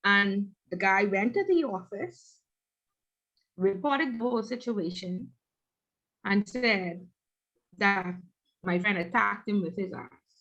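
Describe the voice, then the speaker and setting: A woman instructor leading an online class, telling a workplace story in an animated way. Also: medium pitch, slow pace, pauses often, dull audio. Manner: animated, acts out quoted voices.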